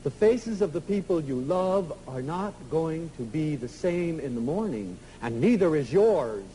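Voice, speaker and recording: A man tells stories to a live audience in a high, lively voice that leaps up and drops to near whispers. The archival recording carries a faint hum behind him. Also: a little slow, low-quality recording. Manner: emotional, storytelling, swings from loud to soft. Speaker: lecturer. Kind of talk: inspirational lecture to an audience.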